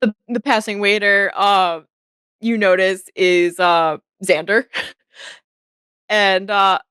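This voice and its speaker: A woman's voice: mid-range voice, steady tone, takes it slowly, pauses often, fairly bright tone, clear, resonant tone, no room sound, clean studio sound. A young woman narrating a tabletop role-play as game master, casual and full of fillers.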